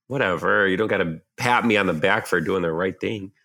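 A young man co-hosting a casual podcast, animated and joking with quick asides. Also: deep voice. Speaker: podcast co-host. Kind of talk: casual chat.

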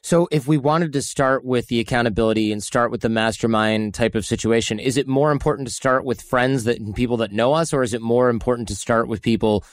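Male podcast host, measured, thoughtful questions, dry close mic. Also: medium pitch, dry recording. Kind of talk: conversational interview.

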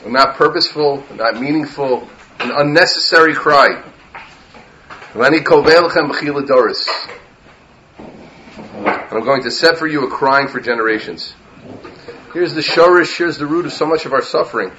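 A man's voice: a little high, normal speed, long pauses, muffled recording, noisy background. A man, a rabbi, giving an impassioned Torah lecture that mixes in Hebrew terms and rises to emphatic peaks.

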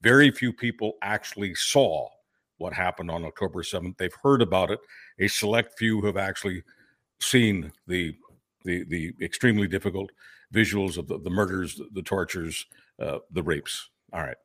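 Man, very low voice, brash punchy podcast co-host. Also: moderate pace, fairly bright tone, no room sound, studio quality. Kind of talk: podcast talk.

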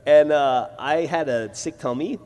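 A man's voice: fairly high pitch, a little mellow. A man telling a rambling comic story as co-host at a live podcast. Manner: rambling comic anecdote, quick. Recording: live hall with reverb and hiss.

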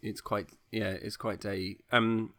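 A man's voice: on the low side, flat delivery, slow pace, fairly bright tone, dry recording, studio quality. A middle-aged man, chatting casually on a podcast as he retells a film plot, enthusiastic and full of restarts. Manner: rambling, enthusiastic, many restarts. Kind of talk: casual chat.

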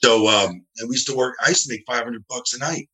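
A fast-talking man with a mid-range, bright, forceful voice recounts loose, wandering stories. He's a New Jersey wrestling referee appearing as a guest by video call from his home, impersonating the people he quotes in this casual interview.

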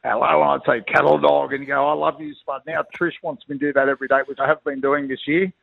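Fast-talking, gravelly middle-aged Aussie ex-footballer, blokey raconteur, on a phone line. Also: male voice, mid-range voice, little pitch movement. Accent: Australian. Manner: blokey, rambling, colloquial. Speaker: retired rugby league player, guest. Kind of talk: phone interview, storytelling.

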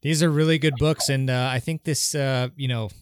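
A man's voice: mid-range voice, steady tone, normal speed, clean tone, no room sound, studio quality. A man hosting a podcast interview, friendly and a little hesitant, with many fillers. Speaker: podcast host.

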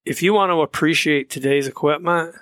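A man's voice: a little high, brisk, a bit bright, dry recording, clean studio sound. A man with an American accent co-hosting a hunting podcast, speaking earnestly and giving advice. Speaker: podcast co-host. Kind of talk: casual chat.

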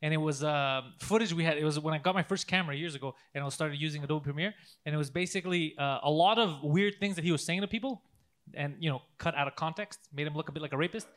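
A man's voice: on the high side, fast talker, a bit bright. A man in casual podcast chat, telling crude prank stories with lots of laughter.

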